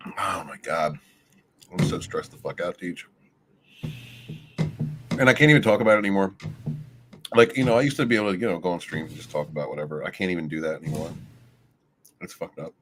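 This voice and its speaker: A man's voice: sits low, a little fast, pauses often, background noise. A man streaming, chatting casually in a rambling, profane way and laughing often. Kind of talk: casual late-night stream chat.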